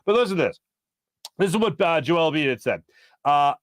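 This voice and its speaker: A man hosting a sports talk show, talking fast and breaking into quick impressions when he quotes people. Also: on the high side, dry recording, clean studio sound. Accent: Philadelphia. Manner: animated, jumps into voices for quotes. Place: studio.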